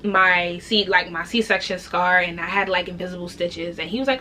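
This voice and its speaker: A young woman telling a story in a casual vlog, animated and candid, swearing freely and acting out other people's voices. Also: on the low side, moderate pace, slight background noise. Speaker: vlogger.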